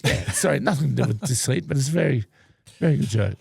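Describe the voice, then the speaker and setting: A man co-hosting a podcast, his voice deeply gravelly and mellow. He tells his stories with a dry wit. The sound is dry and close to the mic. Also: animated, quick pace, no room sound. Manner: storytelling, dry humour. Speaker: podcast co-host. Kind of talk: casual chat, telling jokes. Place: podcast studio.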